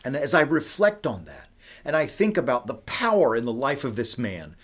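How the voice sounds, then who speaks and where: A man leading a casual devotional livestream talk, animated and conversational, full of fillers, swinging between loud emphasis and soft, quiet moments. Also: medium pitch, normal speed. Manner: animated and conversational, with many fillers like "like" and "you know". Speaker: ministry leader.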